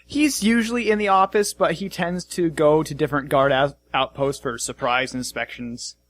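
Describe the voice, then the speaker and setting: A man's voice: on the high side, moderate pace, a bit bright, natural voice. A man voicing a polite, apologetic jail guard who chats and explains himself. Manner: apologetic, chatty.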